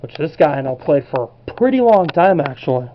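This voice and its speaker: A young man talking casually to camera as he pages through a yearbook, relaxed and rambling, often unsure how names are pronounced. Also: a little high, fairly quick, muffled recording, a little hiss or hum. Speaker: collectibles vlogger.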